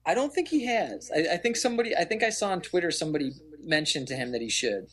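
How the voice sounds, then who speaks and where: A man's voice: a little high, animated, quick pace, a bit bright. A man in his thirties, a guest on a casual podcast interview, talking hesitantly with frequent stammered restarts. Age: 30s. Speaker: podcast guest, band guitarist.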